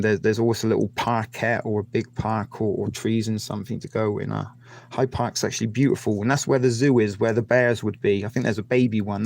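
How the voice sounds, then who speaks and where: A man's voice: on the low side, gravelly, darkish tone. A man hosting a casual video-call chat, rambling with cheeky innuendo and lots of filler words. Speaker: host.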